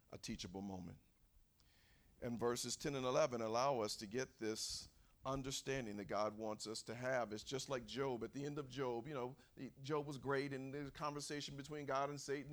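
A man preaching a sermon in a church, acting out angry quotes and shouting at the peaks. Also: medium pitch, fairly quick.

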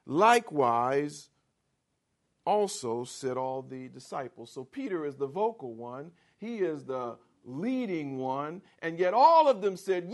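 A man preaching a sermon, slow and emphatic, reading scripture aloud and driving his points home with rising force. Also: on the high side, big pitch swings. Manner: slow, emphatic preaching with sharp rises for quoted lines. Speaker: pastor.

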